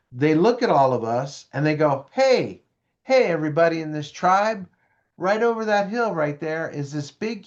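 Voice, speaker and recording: A man lectures parents, animated and full of stories and audience questions. His voice sits a bit high for a man. The recording sounds dull and lo-fi. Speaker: prevention speaker for parents. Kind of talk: parent education presentation.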